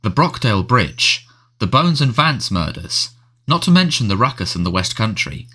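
A man's voice: lowish voice, big pitch swings, normal speed, sharp tone, husky, heavily acted. A man reading aloud, voicing a careworn, middle-aged male wizard minister who talks in a weary mutter.

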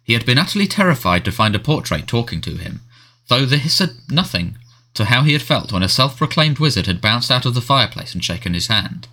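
Reading a storybook aloud as an audiobook narrator, this man keeps a measured yet expressive delivery in a mid-range voice.

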